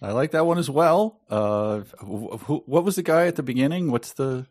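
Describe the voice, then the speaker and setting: A man of middle pitch trades dry, halting remarks on a podcast, pausing on fillers before landing a joke. The recording is dry and close. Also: animated, a little mellow, no echo. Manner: wry, hesitant commentary with fillers. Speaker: podcast co-host. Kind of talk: casual podcast chat.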